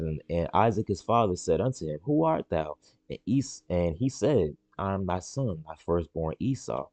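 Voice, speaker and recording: A man on a live stream reading the Bible aloud and explaining it in casual slang, repeating words and jumping into high excited voices for the characters. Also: moderate pace, no room sound. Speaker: stream host reading scripture.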